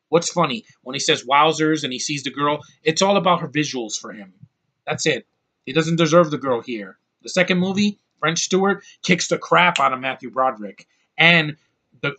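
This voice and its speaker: A man's voice: a little high, pushed and bright, poor audio. A young man delivering an angry, exasperated movie rant, swearing often. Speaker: movie reviewer.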